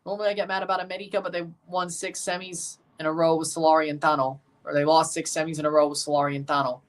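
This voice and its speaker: A man's voice: on the high side, little pitch movement, fast talker. A man streaming casual, opinionated commentary as he watches a football match and talks to his viewers.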